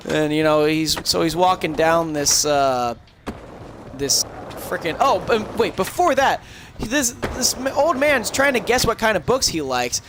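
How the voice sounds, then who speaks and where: A man's voice: fairly high pitch, animated, a little slow, fairly bright tone. A man casually retelling a movie plot on a game stream, rambling and swearing with many fillers. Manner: rambling, profane storytelling with lots of fillers. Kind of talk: casual chat. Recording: crackly audio with background noise.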